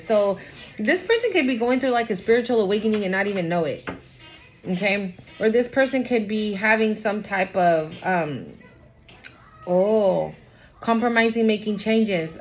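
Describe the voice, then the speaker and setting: A woman's voice: medium pitch, rough recording. A woman giving a casual tarot reading to her viewers, chatty and emotional, often trailing off and restarting. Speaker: tarot reader. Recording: background noise.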